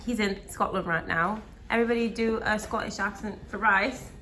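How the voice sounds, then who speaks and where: A woman in her twenties chatting playfully with a friend, asking questions and chiming in with quick replies. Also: medium pitch, pushed and bright, a little hiss or hum. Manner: playful, chimes in with short replies and laughs. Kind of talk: casual chat.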